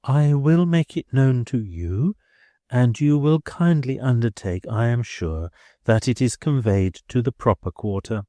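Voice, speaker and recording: A man's voice: mid-range voice, animated, warm tone, no room sound, pitched above the performer's own voice, lightly acted. A man voicing a prim, genteel older schoolmistress who speaks formally and stiffly. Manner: formal, measured, stiffly polite.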